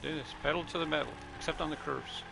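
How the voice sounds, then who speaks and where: A man's voice: fairly high pitch, fairly even intonation, fast talker, vocal fry, noisy background. A middle-aged man from Southern California, chatting casually and rambling as he comments on his own gameplay. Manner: chatty, rambling, self-correcting. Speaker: gaming channel host.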